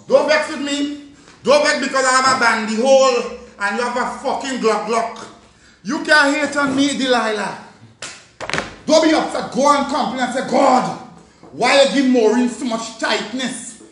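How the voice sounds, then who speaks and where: A woman's voice: fairly high pitch, a bit bright, roomy sound, slight background noise. A Jamaican woman delivering a profane, taunting rant aimed at someone, scolding her directly. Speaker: vlogger. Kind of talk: angry social media rant.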